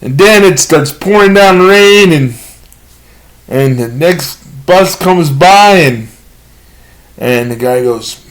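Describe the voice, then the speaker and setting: Halting, higher-voiced man telling jokes. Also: lively intonation, rough recording. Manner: halting, with many pauses and fillers; self-deprecating storytelling. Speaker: amateur comedian. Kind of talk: self-recorded stand-up comedy monologue.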